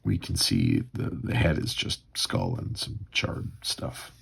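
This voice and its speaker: Gravelly, low-voiced man musing aloud. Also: sing-song, slow pace. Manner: musing, rambling, with fillers. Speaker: comics read-through host. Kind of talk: casual livestream commentary.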